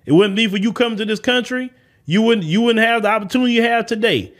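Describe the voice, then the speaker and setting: Fast and fairly bright, with a voice that sits high, a man hosts a podcast. His monologue is an emphatic statement of opinion, and he hammers each point with blunt repetition.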